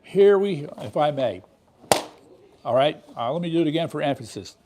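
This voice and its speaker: A man's voice: a little high, lively intonation, normal speed, heavy background noise. Indignant man hosting a commentary show. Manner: indignant, emphatic, rhetorical questions. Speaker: show host. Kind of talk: political commentary monologue.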